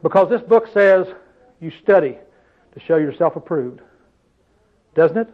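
A man's voice: on the high side, animated, measured pace, phone-quality sound. A man preaching a sermon to his congregation in a church hall, with a preacherly manner full of exclamations. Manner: preacherly, call-and-response exclamations. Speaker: pastor.

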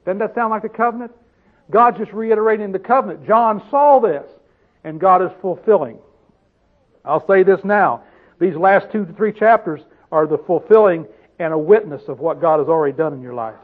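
A man preaching a Bible-teaching sermon, often asking his listeners questions and slowing down to stress the scripture he quotes. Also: high voice. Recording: tinny phone-like sound.

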